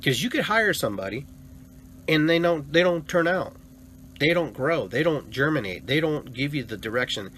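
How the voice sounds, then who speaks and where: A man's voice: on the high side, lively intonation, moderate pace, fairly bright tone, slight background noise. A man hosting a spiritual self-help radio show, talking to listeners in an emphatic, preachy way and often checking in with "okay?".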